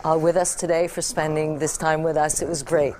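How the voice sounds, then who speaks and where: A woman host closing an interview with warm thanks. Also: sits low, level tone, a little fast, slight background noise. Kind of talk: interview sign-off.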